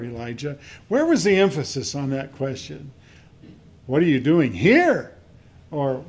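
Man preaching, slightly high voice. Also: darkish tone. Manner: measured preaching with frequent fillers, reading scripture aloud. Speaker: pastor. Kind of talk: sermon.

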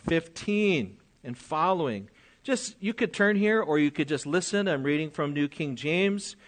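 An older man preaching a sermon, reading scripture aloud, explaining it and asking his listeners questions. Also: a little high.

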